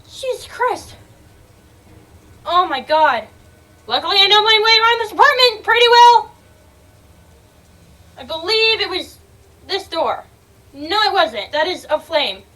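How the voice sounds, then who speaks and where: A young woman giving let's-play commentary on a game, excitable, swearing freely and yelling and laughing as she plays. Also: extremely high pitch, unhurried, long pauses. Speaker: gaming video creator.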